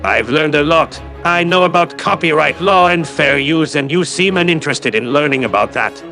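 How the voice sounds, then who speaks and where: A man's voice: on the high side, expressive, normal speed, creaky, sharp tone, faint music behind. A man giving a sarcastic, condescending callout commentary as a YouTube commentator.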